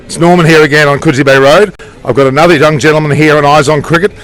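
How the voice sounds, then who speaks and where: Fast-talking upbeat street interviewer. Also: male voice, fairly high pitch, fairly even intonation, fairly bright tone. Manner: upbeat, chatty, quick-talking. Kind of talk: vox pop street interviews. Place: busy street outdoors.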